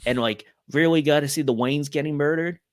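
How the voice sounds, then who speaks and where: A man's voice: on the high side, a little fast, no room sound, clean studio sound. A young man on a podcast, talking casually and rambling with many fillers. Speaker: podcast guest.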